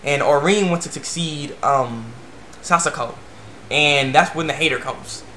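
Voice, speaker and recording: A man rambling casually through an anime episode review, breaking into squeaky voices for quoted characters. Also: unhurried, pushed and bright, roomy sound, a little hiss or hum.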